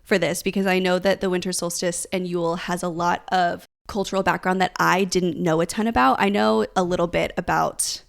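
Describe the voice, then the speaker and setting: A woman's voice: on the low side, steady tone, a little fast, vocal fry, few pauses. A young woman co-hosting a casual podcast, bubbly and rambling, laughing often as she talks. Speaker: podcast co-host.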